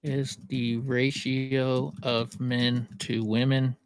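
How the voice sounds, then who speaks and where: A man's voice: mid-range voice, level tone, extremely slow, clean tone, dry recording, studio quality. A middle-aged man from Alaska hosting a casual livestream, rambling and joking as he reads chat comments aloud. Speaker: livestream host.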